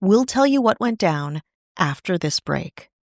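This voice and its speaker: A woman's voice: fairly low pitch, big pitch swings, unhurried, gravelly, no echo. Woman host, scripted history narration, wry asides, dry close mic. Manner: wry asides in a serious telling. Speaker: podcast host.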